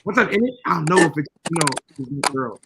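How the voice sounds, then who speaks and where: A man's voice: a little high, animated, quick pace, noisy background. A man co-hosting a podcast, talking casually in a blunt, profane, lecturing way. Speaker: podcast co-host.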